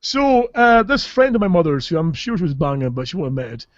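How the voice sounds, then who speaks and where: A man's voice: fairly high pitch, sing-song, fast, no room sound, lo-fi sound. Sweary Scottish man telling stories. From Caithness, Scotland. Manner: sweary, rambling, laughs through his stories. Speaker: podcast co-host. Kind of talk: casual comic storytelling.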